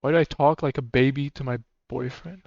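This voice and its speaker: A man's voice: mid-range voice, fairly even intonation, brisk, creaky, darkish tone, dry recording. A man streaming, chatting casually and rambling with frequent swearing and laughter. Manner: rambling and profane, laughs often. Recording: slightly muffled dry mic.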